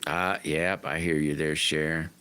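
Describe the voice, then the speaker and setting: Folksy deep-voiced middle-aged man. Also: level tone, slow, bright, forceful tone, clean tone. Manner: folksy, rambling, with many restarts. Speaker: livestream host. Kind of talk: casual livestream chat answering viewers.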